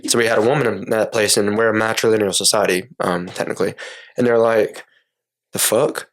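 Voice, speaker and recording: A man's voice: lowish voice, fast. A young man from Cherokee, North Carolina, co-hosting a podcast and telling stories in casual chat, acting out other people's lines with swearing. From Cherokee, North Carolina, USA. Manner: animated retelling, acting out voices, swearing. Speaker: podcast co-host.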